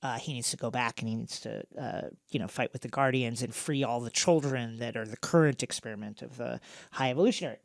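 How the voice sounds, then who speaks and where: A man hosting a podcast, recapping a film in a casual, animated way with many fillers. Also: medium pitch, fast talker, gravelly, no room sound, clean studio sound. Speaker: podcast host.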